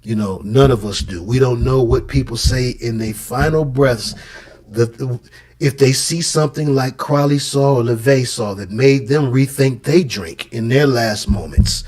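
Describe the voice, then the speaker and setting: A man with a middle-pitched voice talks loosely and at length, circling back and restarting as he tells his stories. His delivery is casual and conversational. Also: unhurried, darkish tone. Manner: storytelling, with many restarts.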